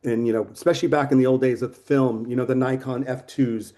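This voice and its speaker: Animated storyteller man in his sixties. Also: medium pitch, brisk. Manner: animated, swearing storyteller who acts out quotes. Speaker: photographer guest. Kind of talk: casual interview storytelling.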